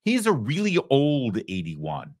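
Male host for political commentary, sarcastic and indignant, with an animated, rising-and-falling delivery. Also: mid-range voice, slow pace.

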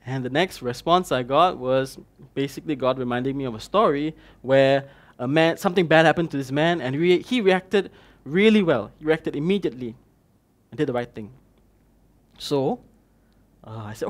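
A man's voice: mid-range voice, animated, moderate pace. A man with a Malaysian English accent preaching a conversational sermon, acting out his own dialogue with God. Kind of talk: sermon with personal story.

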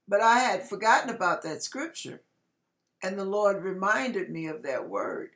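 A woman ministry speaker sharing a heartfelt personal testimony. She speaks earnestly and tenderly, with emotional swells and soft, trailing endings. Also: medium pitch, lively intonation, a little slow.

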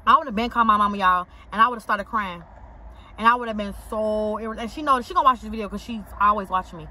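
A woman's voice: medium pitch, fast talker, pushed and bright, a little hiss or hum. A young woman vlogging to camera from inside a parked car, talking emphatically in slangy, repetitive bursts while she eats. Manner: emphatic, repeats herself for punch, slangy. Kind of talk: casual eating vlog talk to camera. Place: inside a parked car outside an auto shop.

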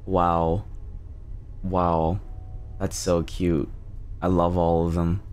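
Male streamer, low and unhurried delivery, casual and profane. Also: flat delivery, darkish tone, a little hiss or hum. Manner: laid-back, swears often, gushing. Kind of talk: casual gaming stream chat.

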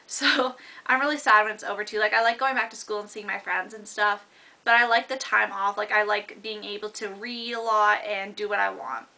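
A young woman in university talks casually to her camera in a rambling, chatty way, full of "um" and "like" and quick restarts. Her voice is bright and clear at an ordinary pitch. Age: young adult. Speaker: vlogger.

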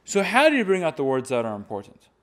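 Young male chant teacher, slightly high voice, instructional delivery. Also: huge pitch swings, fast talker. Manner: demonstrates by reading and chanting examples. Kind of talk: instructional talk.

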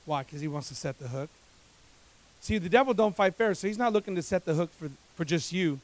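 High-voiced preaching pastor, man. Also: expressive, brisk. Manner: preaching with dramatic swings from loud to hushed. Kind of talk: sermon.

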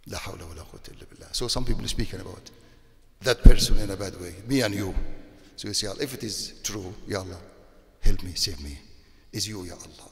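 Sheikh in a hall. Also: male voice, low-pitched, fast, gravelly. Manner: non-native English with frequent Arabic religious phrases, animated when scolding. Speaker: sheikh giving a religious talk. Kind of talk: sermon. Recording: long reverb of a hall.

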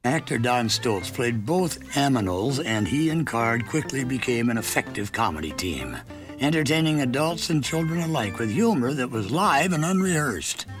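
A man narrating a local history documentary in a measured, storytelling way. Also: mid-range voice, very animated. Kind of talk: scripted narration. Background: music.

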